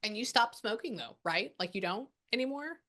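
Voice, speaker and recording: A woman working as a psychic medium, talking casually and excitedly with many fillers, relaying what spirits say. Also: a little high, moderate pace. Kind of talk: casual spirit reading session.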